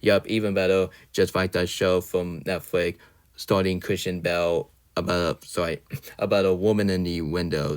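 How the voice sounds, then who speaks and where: A man's voice: low voice, clear, resonant tone. A man giving a casual, opinionated movie review, rambling and often correcting himself mid-sentence. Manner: opinionated, ranting at times. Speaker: film reviewer.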